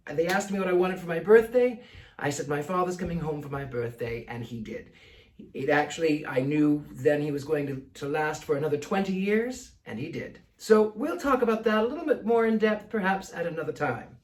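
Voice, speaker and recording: Brief: male host, Mid-Atlantic accent, theatrical precise delivery, higher voice, roomy echo. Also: distant mic. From United States. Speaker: psychic answering viewer questions. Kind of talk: casual Q&A monologue.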